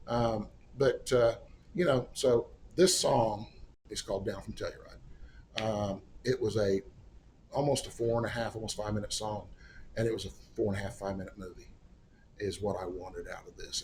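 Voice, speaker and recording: A man's voice: on the low side, darkish tone, slight background noise. A middle-aged man, a singer-songwriter guest, telling a long anecdote in a casual, wry, self-deprecating way and acting out the people he quotes. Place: studio or room in Oklahoma.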